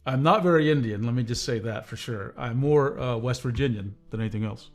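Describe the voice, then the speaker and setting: A man hosting a casual livestream, reading viewer comments and talking in a calm, measured way. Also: mid-range voice. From United States. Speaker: livestream host.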